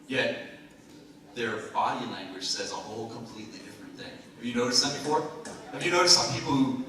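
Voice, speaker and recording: A man gives a motivational talk at a live event, chatty and jokey, throwing questions at the audience. His voice sits at an ordinary middle pitch. The recording catches him from a distance in a very reverberant hall, with clear room noise behind him. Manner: lively, jokey, asks the crowd questions. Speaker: motivational speaker. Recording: very echoey hall, speaker far from mic, noisy.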